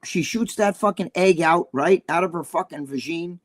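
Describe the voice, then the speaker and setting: A man's voice: high-pitched, moderate pace, slight background noise. An older man with a New Jersey accent, telling rambling, crude stories in a casual chat and swearing often. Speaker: podcast co-host.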